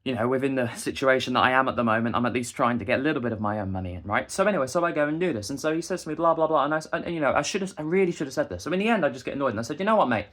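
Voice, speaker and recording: A man's voice: medium pitch, animated, very fast, few pauses, fairly bright tone. A young man, delivering a heated, indignant rant straight to the camera. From England. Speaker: busker and vlogger. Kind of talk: ranting monologue to camera.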